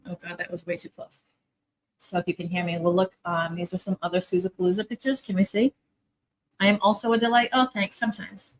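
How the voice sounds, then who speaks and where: A woman's voice: medium pitch, low-quality recording. Woman co-host rambling on a livestream, messing with the tech. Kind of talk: casual livestream chat.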